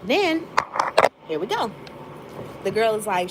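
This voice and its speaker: A woman's voice: mid-range voice, big pitch swings, takes it slowly, long pauses. Woman vlogger, emotional confessional rant, hurt and rambling; noisy recording. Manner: hurt, rambling, frequent fillers. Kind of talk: emotional venting to viewers.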